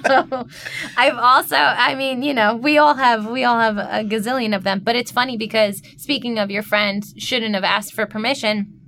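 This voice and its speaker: Lively woman telling animated stories. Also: a little high, moderate pace. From New York. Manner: animated storyteller, acts out quotes, laughs often. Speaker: co-host, actor. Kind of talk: casual chat. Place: studio.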